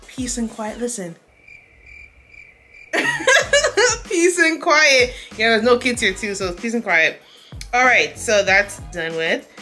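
Young canadian girl vlogging a q&a, chatty and laughy, bright voice pitched a bit high, soft music behind. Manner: chatty and animated, laughs often. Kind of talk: casual Q&A vlog chat.

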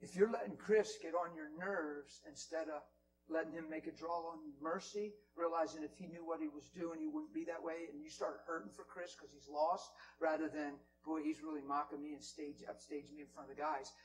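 A man preaching in a church, telling stories in a Q&A session, going from loud to hushed whispers. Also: fairly high pitch, moderate pace, background noise. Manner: animated storyteller, swings from loud to hushed whispers. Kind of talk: Q&A teaching with storytelling.

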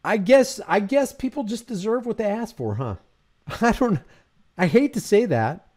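A man's voice: high-pitched, lively intonation, a little slow, a little mellow. A man from New Jersey reading news aloud and mocking it in a sarcastic, heated commentary. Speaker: political commentary host. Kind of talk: reading and ranting about news.

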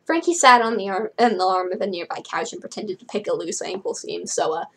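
A young woman reading a novel aloud and breaking off for wry, chatty asides, raising her pitch to voice the characters. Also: animated, gravelly, slight background noise, rough recording. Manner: chatty, wry, quick to laugh at the book; drops to a hushed voice now and then. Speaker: book reader and commentator.

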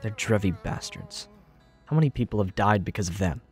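A man playing a deadpan young man who explains the plan, in a fan audio drama. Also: on the low side, fairly quick, faint music behind, close to an everyday voice.

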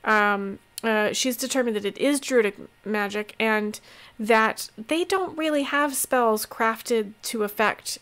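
A woman's voice: a little high, slow pace, a bit bright. A woman running a tabletop game as game master, narrating in a rambling way with many fillers.

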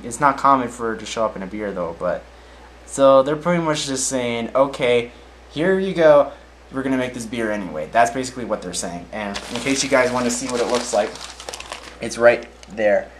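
A man's voice: medium pitch, moderate pace, fairly bright tone, a little hiss or hum, poor audio. A man casually reading odd news stories aloud, often tripping over names, then adding his own offhand comments.

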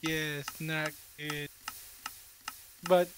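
A man chatting in a casual multiplayer game, giving short replies and quick explanations. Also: fairly high pitch, flat delivery, noisy background. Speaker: player. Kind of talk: casual multiplayer chat while gaming.

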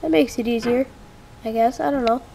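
A woman's voice: fairly high pitch, a little fast, creaky, mellow, slight background noise. A woman playing a frustrating game on camera, exclaiming and muttering at it. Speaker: let's play gamer.

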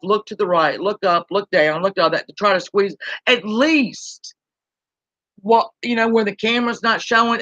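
A woman's voice: mid-range voice, a bit bright, dry recording, dull audio. A woman, ranting bluntly and profanely on a live-stream while reading chat aloud. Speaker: YouTube commentary host.

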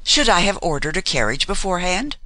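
A man's voice: on the high side, very animated, normal speed, sharp tone, no echo. A man reading as a frank, friendly young woman. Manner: polite, friendly, evasive. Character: frank, generous young woman traveling alone. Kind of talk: audiobook character reading.

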